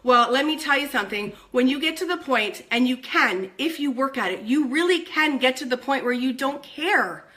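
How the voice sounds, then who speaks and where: A high, bright-voiced woman talks straight to the camera in an upbeat motivational vlog. She is bubbly and excitable, coaching her viewers as someone who works in online network marketing. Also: moderate pace, hardly any pauses.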